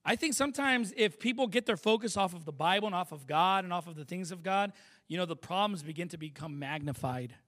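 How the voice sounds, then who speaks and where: High-voiced, forceful preaching pastor. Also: male voice, lively intonation, brisk. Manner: emphatic preaching with rhetorical questions. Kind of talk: sermon.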